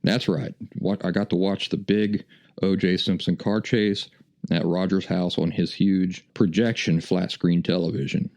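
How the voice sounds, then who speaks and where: A middle-aged man speaks in a low, gravelly voice with plenty of vocal fry. He tells his story in a folksy, chuckling way, as a podcast host chatting to listeners. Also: steady tone, a little slow, darkish tone. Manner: folksy, chuckling anecdotal delivery. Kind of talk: casual storytelling.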